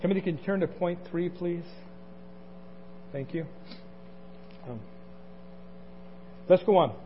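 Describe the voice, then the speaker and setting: High-voiced man preaching a sermon. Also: slow. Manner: conversational, asks the congregation questions, chuckles. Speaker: pastor. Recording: dull lo-fi recording, faint noise.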